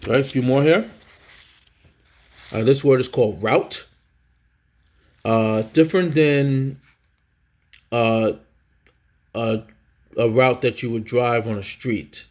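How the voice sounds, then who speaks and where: A man's voice: takes it slowly, long pauses. Man teaching a vocabulary lesson. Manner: reads each headword louder and higher, then drops to explain; casual, with fillers and self-corrections. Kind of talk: vocabulary lesson, reading definitions aloud.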